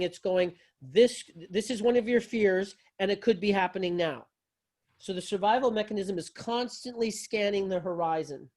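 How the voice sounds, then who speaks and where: A man's voice: high voice, a little mellow. Conversational man teaching yoga philosophy. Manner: conversational, repeats and restarts, folksy phrasing. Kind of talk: teaching a class discussion.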